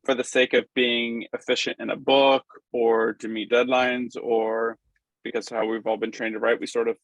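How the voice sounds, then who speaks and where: A man's voice: mid-range voice, level tone, normal speed, no echo, rough recording. A man in his forties hosting an interview, speaking in an enthusiastic, thoughtful way. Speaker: podcast host. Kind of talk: casual interview talk.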